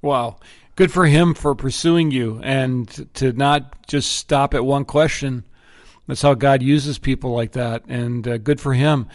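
A man's voice: medium pitch, unhurried, dry recording, studio quality. A man hosting as a pastor, asking questions and giving brief encouraging responses in a conversation. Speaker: pastor and interviewer. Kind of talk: conversational interview.

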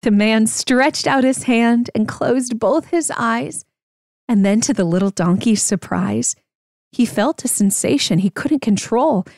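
A young adult woman reading a rhyming children's story aloud to her kids in a slow, rhythmic narration. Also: a little high, darkish tone, dry recording, clean studio sound.

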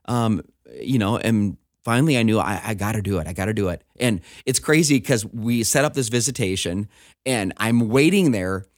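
A middle-aged pastor tells a personal story in casual conversation, animated and acting out the voices of the people involved. His voice is on the low side at normal speed, recorded in studio quality with no echo.

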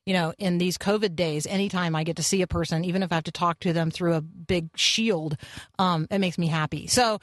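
A woman's voice: fairly low pitch, fairly even intonation, a little fast, no room sound. A woman radio host telling a story in casual talk, acting out the voices of the people she quotes.

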